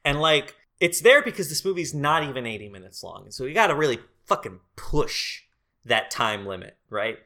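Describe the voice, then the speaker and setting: A man's voice: medium pitch, moderate pace. A man co-hosting a casual movie review podcast, ranting and swearing a lot. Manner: profane, ranting, animated. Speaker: podcast co-host.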